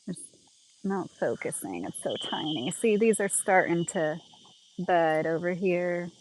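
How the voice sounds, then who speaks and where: A woman's voice: fairly low pitch, unhurried, a little hiss or hum, rough recording. Chatty woman livestreaming from her garden. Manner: chatty and rambling, lots of "like" and laughs. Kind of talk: casual livestream chat. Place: home and outdoor garden.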